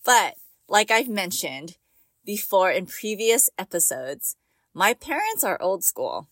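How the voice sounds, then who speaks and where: A woman's voice: on the low side, fairly bright tone, dry recording. Chatty, encouraging woman podcast host, dry close sound. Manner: chatty and encouraging, laughs often. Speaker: podcast host and mom coach. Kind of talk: casual podcast monologue.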